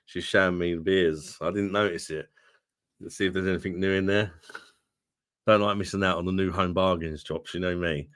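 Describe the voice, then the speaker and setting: A man's voice: low-pitched, steady tone, normal speed, a bit bright, clean tone, dry recording, studio quality. A man from London with a London accent, hosting a beer livestream and bantering casually with viewers in laid-back, sweary chat. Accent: London English. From London, England. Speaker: host of a beer review livestream.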